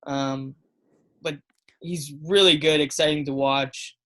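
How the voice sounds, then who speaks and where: A man's voice: fairly high pitch, fairly even intonation, slow, bright, forceful tone. A man co-hosting a casual sports podcast, talking in an easygoing way with frequent laughs and fillers. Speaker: podcast co-host.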